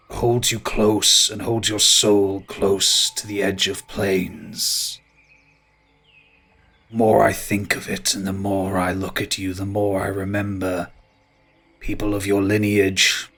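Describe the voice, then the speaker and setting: Ancient male tree spirit, low and grave, unhurried, voiced by a man. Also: gravelly, fairly bright tone, husky, heavily acted. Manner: slow, low, grave delivery.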